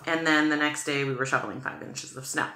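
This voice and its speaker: A woman's voice: sits low, fairly even intonation, fast, roomy sound, background noise. A woman from New England chatting through a makeup tutorial, gushing about products and full of "like" and "okay.". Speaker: beauty vlogger.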